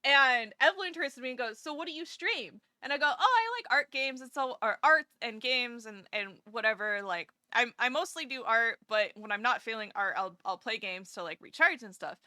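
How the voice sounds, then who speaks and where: Bright-voiced excitable woman streamer. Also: fairly high pitch, moderate pace, few pauses, no room sound, clean studio sound. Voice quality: animated storyteller, laughs a lot, excitable. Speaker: VTuber streamer. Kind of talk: casual livestream storytelling.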